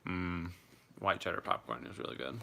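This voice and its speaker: A man's voice: low-pitched, lively intonation, normal speed, gravelly, sharp tone, a little hiss or hum. A young man casually chatting on a live stream, reading out viewer comments and swearing freely.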